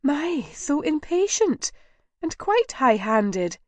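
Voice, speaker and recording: A woman reading a spirited young lady in a storybook, with a slightly raised, brisk delivery. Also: high voice, very animated, darkish tone, no room sound, voice pushed up, full character voice. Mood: playful.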